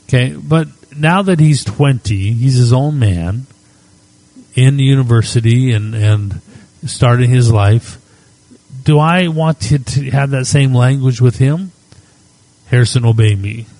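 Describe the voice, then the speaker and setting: A middle-aged man preaching as a pastor, moving between quiet spoken prayer and reflective storytelling. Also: mid-range voice, no room sound, low-quality recording. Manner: unhurried, reflective storytelling with soft prayerful asides.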